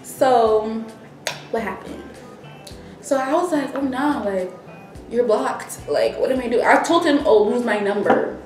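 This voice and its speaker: A woman's voice: a little high, a little slow. A young woman vlogger casually telling a story, acting out what everyone said. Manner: animated, acts out quoted dialogue. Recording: roomy echo, distant mic, faint music.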